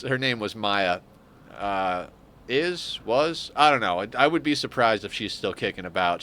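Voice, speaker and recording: Bright-voiced rambling male game streamer. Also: mid-range voice. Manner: rambling, profane, laughs often. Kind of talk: casual gaming stream chat.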